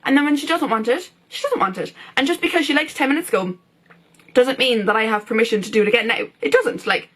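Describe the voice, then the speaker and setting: A young woman chats straight to camera in a loose, rambling vlog style, her voice sitting a little high. She leans on fillers and keeps restarting her sentences. When she quotes her own thoughts, her pitch leaps up sharply. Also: lively intonation, quick pace, fairly bright tone, breathy edge. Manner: chatty, filler-heavy, acts out quotes with big pitch jumps. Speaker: vlogger. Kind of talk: casual chat to camera.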